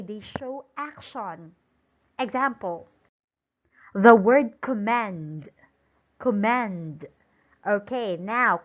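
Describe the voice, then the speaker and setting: Slow, lively-pitched woman teacher. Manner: slow, emphatic, pausing for imagined student answers; praising and drawing out example words. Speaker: English teacher. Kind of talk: recorded classroom-style lesson. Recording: dull lo-fi sound.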